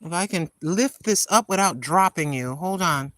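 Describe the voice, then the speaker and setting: Chatty, tired grandma with a bright voice. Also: female voice, fairly low pitch, expressive, moderate pace. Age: older. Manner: chatty, self-talking, calls herself Granny. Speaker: vlogger. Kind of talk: casual chat to viewers. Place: outdoor garden. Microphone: handheld phone camera.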